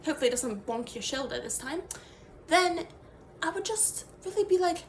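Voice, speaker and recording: A young woman comedy creator improvises a sketch as a self-serious fake female professor teaching meaningless meditation. Her high voice is expressive and moves at normal speed over a faint hum. She stays mock-serious, rambling through fillers and sentences that trail off unfinished.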